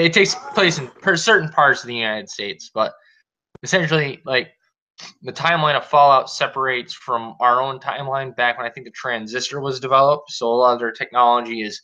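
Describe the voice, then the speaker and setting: A man's voice: medium pitch, sharp tone, dull audio. A man hosting a live stream, talkative and explaining at length, often restarting his words. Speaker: stream host. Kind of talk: casual chat on a live stream.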